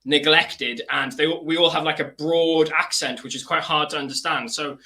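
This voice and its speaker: Crisp-spoken guest from northeast England. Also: male voice, fairly high pitch, steady tone, moderate pace, pushed and bright. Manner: drama-trained careful diction, hedges with fillers. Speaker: activist guest. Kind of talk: casual interview chat. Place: remote video call.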